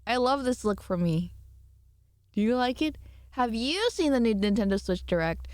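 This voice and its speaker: A woman's voice: fairly high pitch, big pitch swings, normal speed, a little mellow, dry recording, studio quality. A tired woman streamer chatting casually and rambling, laughing as she answers her chat. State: tired from little sleep. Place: home room.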